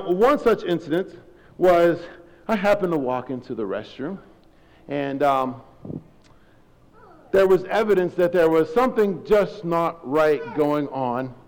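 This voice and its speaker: A middle-aged man, a high school principal, giving an informal, rambling, self-deprecating sermon from a church stage. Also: a little mellow. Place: church sanctuary. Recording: long hall reverb.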